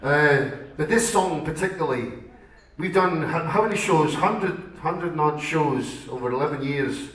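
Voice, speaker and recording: Joking middle-aged singer, Scottish-style accent. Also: male voice, fairly high pitch, animated, normal speed, fairly bright tone. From Liverpool, England. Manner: joking, self-mocking, heartfelt. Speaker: rock singer. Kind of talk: chatty stage banter between songs. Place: concert club stage. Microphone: stage vocal mic through the PA. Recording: echoey club hall from far off.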